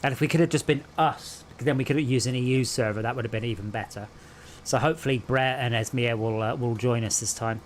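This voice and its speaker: A man's voice: medium pitch, quick pace, a little hiss or hum. Rambling, sweary man hosting a game stream. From England. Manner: rambling, sweary, animated storyteller. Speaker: streamer host. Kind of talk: casual gaming chat.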